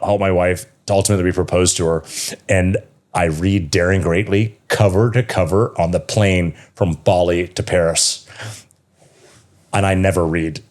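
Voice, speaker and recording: A man in his thirties with a notably low, deep voice, speaking as a guest on a casual podcast. He tells his story with passion and swears freely. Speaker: podcast guest, yoga teacher and connection coach.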